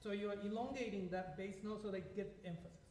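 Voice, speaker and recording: A man's voice: high-pitched, fairly even intonation, fast, darkish tone, slight background noise. A man teaching a piano masterclass, explaining to his class with frequent questions while demonstrating at the piano. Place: echoey classroom. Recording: echoey room, distant mic. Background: piano playing.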